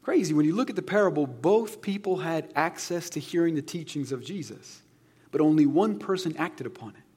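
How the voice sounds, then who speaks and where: A man's voice: a little high, expressive, a little fast, a little mellow, breathy edge. A man preaching a sermon as a pastor, earnest and conversational with touches of humor.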